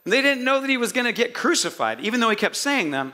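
Animated pastor with a bright voice. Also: male voice, extremely high pitch, fast talker, few pauses. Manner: animated storytelling, jokey asides. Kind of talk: sermon.

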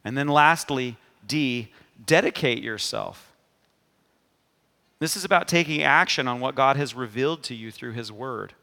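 Gravelly man preaching in a reverberant hall. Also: medium pitch, unhurried, bright, forceful tone. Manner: emphatic preaching, repeated 'amen?' to the congregation. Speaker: pastor. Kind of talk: sermon.

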